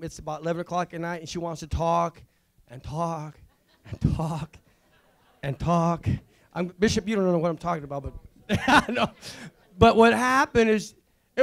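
A man, a visiting pastor, giving a rambling, excitable testimony at a church service, full of restarts. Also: high voice. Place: church sanctuary.

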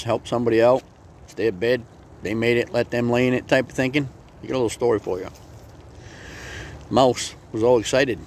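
A man's voice: medium pitch, darkish tone, slight background noise. A man hosting a motivational vlog, telling a folksy story in a friendly, plain-spoken way. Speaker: vlog host.

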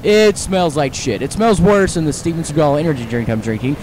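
A man doing casual let's play commentary into his own mic, crude and profane, joking and rambling, and now and then bursting into loud mock-patriotic yelling. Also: fairly high pitch, fairly quick, few pauses, slight background noise. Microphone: personal computer mic.

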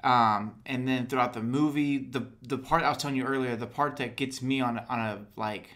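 Male podcast co-host, casual and animated, average pitch. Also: moderate pace. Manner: animated, acts out quotes in raised voices. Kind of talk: casual fan chat.

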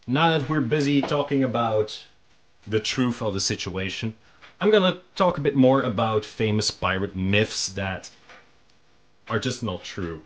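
A man hosting a hobby channel, explaining in a relaxed, casual monologue with frequent ums and restarts. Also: mid-range voice, a little slow, slight background noise. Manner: relaxed, conversational. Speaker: miniature painting channel host.

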